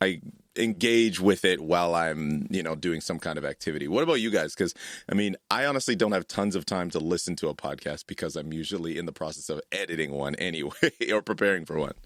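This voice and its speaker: Deep-voiced male podcast host, dry sound. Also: fast talker, fairly bright tone, no echo. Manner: chatty, laughs often. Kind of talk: casual podcast chat.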